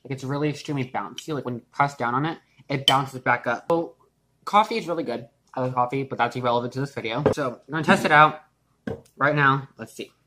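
Bright-voiced young man, rambling vlog chat. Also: mid-range voice, fast talker, slight background noise. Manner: rambling, filler-heavy, swearing, self-mocking. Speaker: vlogger. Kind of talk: casual baking vlog chat. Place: home kitchen.

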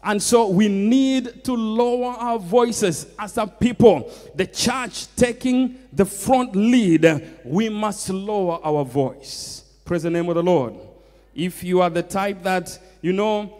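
A man's voice: high-pitched, takes it slowly, warm tone, big-room sound. A man with a Kenyan accent preaching a sermon, emphatic and full of repeated refrains. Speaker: pastor. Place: church.

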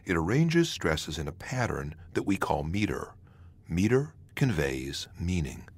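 A man narrating an audio poetry lesson in a measured, scripted way, showing how stressing words changes meaning. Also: low voice, very animated, husky. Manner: measured, demonstrates word stress by example.

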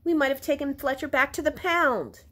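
A woman voicing a sharp, no-nonsense schoolgirl from a children's storybook, speaking in a demanding way. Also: high voice, normal speed, pitched above the performer's own voice.

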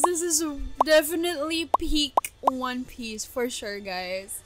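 A young woman with a high voice reacts to anime with gasps, laughs and constant exclamations. She speaks slowly between bursts of excitement. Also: loud music behind the voice. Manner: gasping, laughing exclamations, frequent "oh my gosh".

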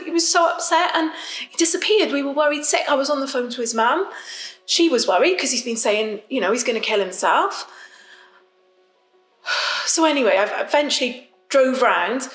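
A woman's voice: high voice, fairly bright tone, reverberant, low-quality recording. An actress playing a fed-up woman, stuck in lockdown with her partner, confiding in a rambling, apologetic way. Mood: upset. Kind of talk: confessional monologue.

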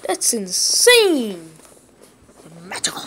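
A woman narrates her own game session for her viewers in a loose let's-play style. She takes her time between thoughts, then jumps into excited yelps and shouts whenever the game turns on her. Her tone stays goofy and playful throughout. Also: mid-range voice, takes it slowly, long pauses. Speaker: gaming video host.

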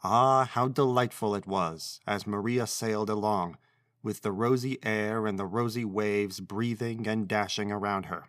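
A man's voice: on the low side, no room sound, clean studio sound. Man reading a classic storybook aloud. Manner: measured, expressive. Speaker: narrator.

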